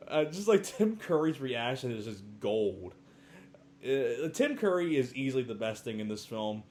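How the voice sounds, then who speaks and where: A man's voice: mid-range voice, big pitch swings, a little slow, a little mellow, a little hiss or hum. Chatty man reviewing a movie. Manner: chatty, laughs often, acts out film quotes.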